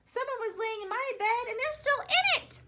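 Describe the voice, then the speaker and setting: A woman doing a squeaky little bear cub. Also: animated, moderate pace, bright, forceful tone, full character voice. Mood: indignant. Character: small high-voiced young male bear cub.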